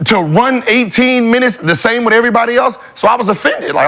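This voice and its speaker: A man's voice: very high voice, animated, a little fast, gravelly, fairly bright tone. A man hosting a sports podcast, telling a story with emphatic profanity and mimicking other people's voices. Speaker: podcast host. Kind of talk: animated storytelling in casual chat.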